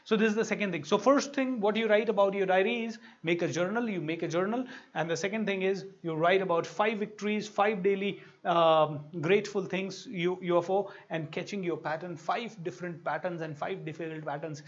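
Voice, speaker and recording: A man's voice: high voice, brisk, hardly any pauses, highs cut off. An Indian man giving a motivational talk as a coach, telling stories animatedly and acting out quoted voices. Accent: Indian English.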